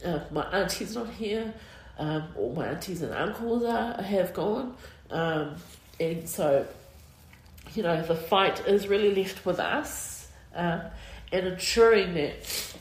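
Low-voiced emotional New woman. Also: animated, reverberant, rough recording. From New Zealand. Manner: halting and reflective, many pauses and fillers. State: emotional, close to tears. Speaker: interviewee. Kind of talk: personal interview.

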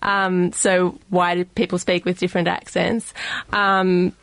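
A woman's voice: on the low side, little pitch movement, unhurried, clear, resonant tone, no room sound. A woman with an Australian accent, a guest on a radio science show, explaining carefully with many ums. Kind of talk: radio studio interview. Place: radio studio.

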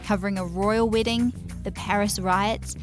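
A woman's voice: medium pitch, steady tone. A woman reading a polished, scripted episode introduction. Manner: polished, measured. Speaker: announcer. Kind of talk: scripted narration. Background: music.

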